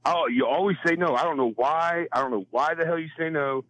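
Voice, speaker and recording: A man's voice: a little high, a little fast, dry recording, low-quality recording. A man on a casual podcast, telling stories and joking with lots of swearing. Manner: profane, animated joker. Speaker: podcast co-host. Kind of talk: casual chat.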